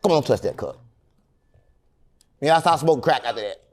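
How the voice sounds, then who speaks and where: A middle-aged man, telling long rambling stories with deadpan jokes as an interview guest. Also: medium pitch, brisk. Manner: animated, rambling, deadpan joking. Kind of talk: rambling storytelling in casual interview.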